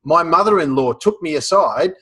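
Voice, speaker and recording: A man with an Australian accent giving casual advice on humor, relaxed, with many fillers and restarts. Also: on the high side, moderate pace, breathy edge. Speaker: guest speaker on humor.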